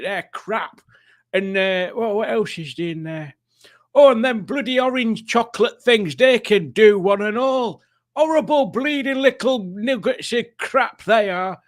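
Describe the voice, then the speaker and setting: A man doing a grumpy ranting old codger. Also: high voice. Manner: ranty, grumbling, cursing.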